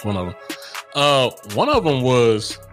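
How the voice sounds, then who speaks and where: A man's voice: medium pitch, huge pitch swings, a little slow, over music. A man, a parent, co-hosting a casual chat. He rambles, laughs often and talks frankly with slang. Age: adult with kids. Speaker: podcast co-host.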